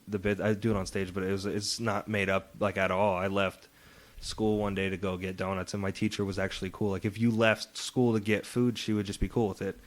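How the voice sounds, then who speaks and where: A man's voice: low voice, flat delivery, brisk. A young man, a guest comedian, telling stories in casual podcast chat, rambling with lots of fillers and swearing freely. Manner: loose, rambling storytelling full of fillers and swearing.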